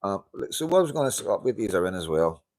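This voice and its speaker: A man chats live to his viewers through a handheld mic, low in pitch. He greets people by name, laughs easily and throws in the odd curse, loose and unscripted. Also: very animated, fast talker, darkish tone. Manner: chatty, greets viewers, laughs often, swears casually. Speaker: livestream host. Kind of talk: casual live-stream chat. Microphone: handheld wireless mic.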